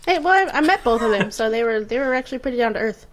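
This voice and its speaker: A woman's voice: on the high side, expressive, rapid-fire, a little hiss or hum. A woman who is a guest on a casual podcast, chatting eagerly like a fan. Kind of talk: casual group chat.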